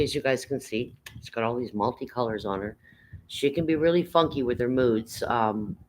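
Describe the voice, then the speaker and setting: An older woman hosts a relaxed livestream from her home. She rambles from one thing to the next, reads viewers' comments aloud and swears casually. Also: extremely low pitch, slight background noise, poor audio. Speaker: livestream host.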